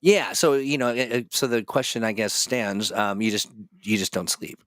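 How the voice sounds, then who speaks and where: A man hosts a casual interview over a video call, chatty and frequently restarting his sentences and using fillers. His voice is on the low side, a bit bright, at normal speed, with clean studio sound and no room sound.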